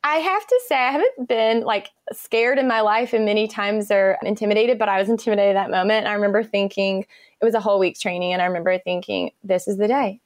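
A woman's voice: mid-range voice, fast, no room sound, clean studio sound. A woman in her thirties with an American accent, a podcast guest chatting casually and telling stories with lots of fillers and enthusiasm. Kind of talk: casual interview chat.

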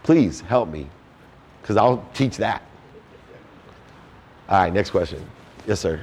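A man's voice: low voice, lively intonation, slow, darkish tone, slightly rough. A man in his fifties hosting a live Q&A meetup, giving a motivational talk in long repeated lists. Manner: preachy, repetitive lists, acts out quoted voices. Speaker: host answering audience questions. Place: meetup before a live audience.

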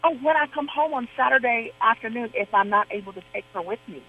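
Husky woman calling in by phone. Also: fairly high pitch, animated, fast. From Arizona, USA. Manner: chatty, rambling with restarts. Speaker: caller. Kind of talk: phone-in question. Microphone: telephone. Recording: dull lo-fi phone line.

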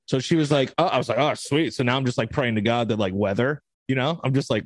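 A man's voice: mid-range voice, fast, no echo. A man in his twenties, co-hosting a podcast, telling a family story in a casual, rambling way and acting out the quotes. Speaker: podcast co-host.

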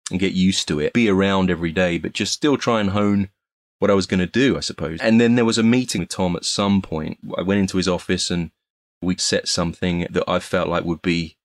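An English man, a guest actor in a casual interview, telling animated stories and laughing often. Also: low voice, dry recording. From England.

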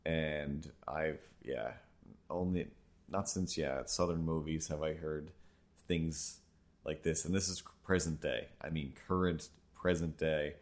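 Deep-voiced man joking on a podcast. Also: steady tone, takes it slowly. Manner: joking, rambling, playful. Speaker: podcast co-host. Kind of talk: casual podcast chat.

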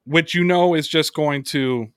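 A podcast host tells a story in casual conversation, swearing freely and acting out what other people said as an animated storyteller. His voice is fairly high, his pace measured, and the recording dry.

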